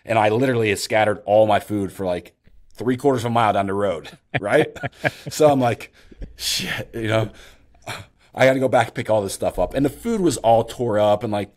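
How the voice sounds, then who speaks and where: A middle-aged man hosting a casual podcast, telling an animated hunting story and acting out his own reactions with a bit of swearing. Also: lowish voice, fairly quick. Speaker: podcast host.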